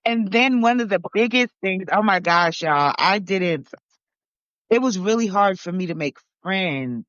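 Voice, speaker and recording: A woman's voice: medium pitch, animated, unhurried, a bit bright, no room sound. A woman from Barbados and New York talking casually, rambling with many fillers and restarts. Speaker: podcast participant. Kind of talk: casual conversation. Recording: dull lo-fi.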